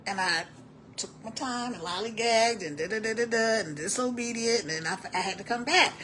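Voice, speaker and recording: A woman's voice: on the high side, brisk, a bit bright, a little hiss or hum. A middle-aged woman hosting a casual motivational live stream, rambling and repeating words as she reads comments aloud. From born in New York, raised in Texas.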